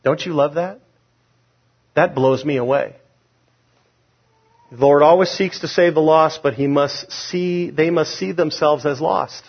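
A man preaching a sermon, emphatic, rising loud on key points and dropping low. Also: fairly even intonation, normal speed, gravelly, slightly rough. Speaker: pastor. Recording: dull lo-fi sound.

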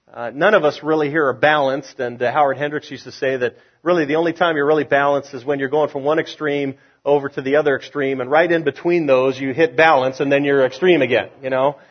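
A man's voice: a little high, fairly quick. Folksy pastor, man, dull lo-fi sound. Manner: folksy, conversational, chuckles at own jokes. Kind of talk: sermon with a joke opener.

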